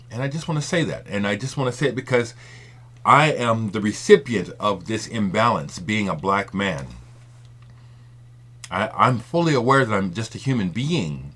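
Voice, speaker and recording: A man's voice: fairly low pitch, lively intonation, moderate pace, fairly bright tone. A man speaking in an impassioned, rambling monologue to his video audience. He repeats his points and swears for emphasis. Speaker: vinyl community video maker.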